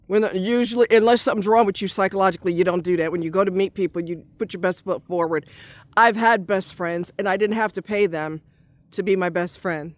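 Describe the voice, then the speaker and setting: A woman's voice: medium pitch, steady tone, brisk, no echo. Angry, cussing middle-aged woman ranting. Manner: heated, profane, repetitive ranting. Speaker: vlogger. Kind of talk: angry vlog rant.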